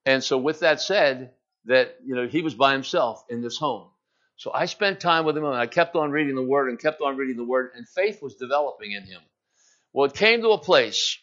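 A middle-aged man delivers a sermon at medium pitch and normal speed, animatedly retelling a story with emphasis and acting out its quotes. He then shifts to a quieter, conversational tone for a personal story. The filmed sermon has a dull, lo-fi sound.

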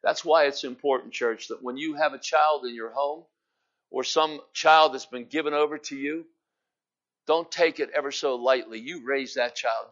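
A man preaching a sermon as pastor, building to emphatic, drawn-out phrases and then dropping lower and quieter. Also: highs cut off. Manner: preaching with rising, emphatic intensity and slow stressed phrases.

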